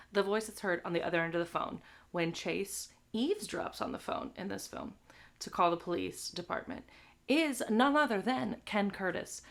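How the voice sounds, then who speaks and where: A young woman hosting a live movie stream, chatting crudely and tagging her lines with "all right?". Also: medium pitch. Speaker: livestream movie host. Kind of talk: casual chat to a live audience.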